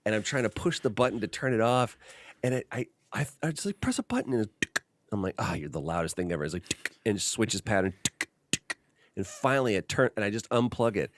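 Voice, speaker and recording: A man hosting a podcast, chatting casually and acting out the voices in his stories. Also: fairly low pitch. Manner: animated storyteller, acts out quotes. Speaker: podcast host. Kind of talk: casual chat.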